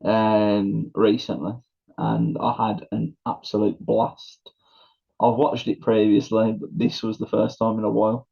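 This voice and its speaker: Animated man telling a story, mellow voice. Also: on the low side, a little slow, vocal fry, slightly rough. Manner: animated storyteller, laughing, acting out quotes. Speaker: podcast co-host. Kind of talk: casual chat. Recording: dull lo-fi sound.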